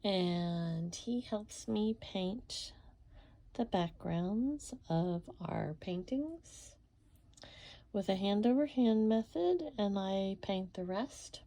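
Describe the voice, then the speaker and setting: A tired woman with a frog in her throat, rambling softly about her painting late at night at home. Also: medium pitch, lively intonation. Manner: soft, slow, rambling late-night talk. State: sleepy and tired. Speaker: painter and parent. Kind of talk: casual painting vlog.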